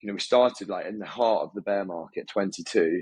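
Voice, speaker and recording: A man's voice: sits low, a little mellow, breathy edge, dry recording, rough recording. A man as an interview guest, upbeat and chatty, often restarting his sentences. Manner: upbeat, talks in quick bursts with many restarts. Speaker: guest, agency founder. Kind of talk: casual interview talk.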